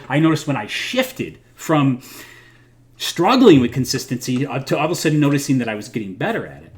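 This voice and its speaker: A man hosting a live talk from home, speaking earnestly and encouragingly, laughing softly at himself now and then. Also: mid-range voice. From United States. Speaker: host of a livestream. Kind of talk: casual motivational talk.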